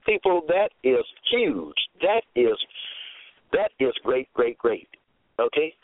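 A man preaching a radio sermon, slow and emphatic, repeating himself and asking rhetorical questions. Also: medium pitch, sing-song, dry recording. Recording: tinny phone-like radio audio.

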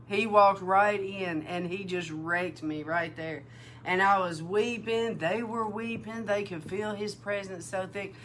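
A woman preaching at an unhurried pace, telling her story with animation and acting out each exchange. She sounds emotional and close to tears as she teaches, and a faint hiss sits under her voice. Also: mid-range voice. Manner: animated storytelling, acts out dialogue. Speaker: prophetic minister. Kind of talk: sermon-style testimony and teaching.

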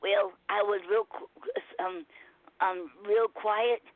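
A woman's voice: mid-range voice, big pitch swings, no room sound. Caller, woman, hesitant speech full of restarts, thin phone-line sound. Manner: halting, with many ums and restarts. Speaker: caller reading poetry. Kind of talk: casual phone chat and poem reading. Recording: tinny dry phone line.

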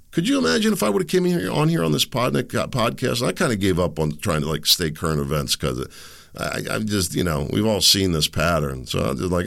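A man with a deep, gravelly, slightly bright voice hosts a solo podcast. He rambles conversationally, often corrects himself mid-sentence, and asks pointed questions in an opinionated, questioning way.

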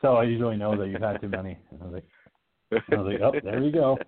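A man with a fairly low voice talks fast while hosting an online horror talk show, joking and swearing in casual banter. The recording sounds tinny and phone-like, like online radio.

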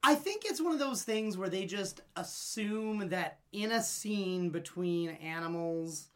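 A woman co-hosting a casual movie podcast, animated and laughing often, with quick asides. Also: medium pitch. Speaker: podcast co-host.

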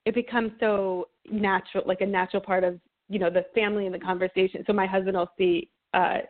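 A woman hosts a relaxed conversational interview, reacting with enthusiasm and filling her talk with casual fillers and laughter. Her voice sounds narrow and phone-like. She comes across as an excited, chatty host. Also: medium pitch, quick pace. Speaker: podcast host. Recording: phone-like audio.

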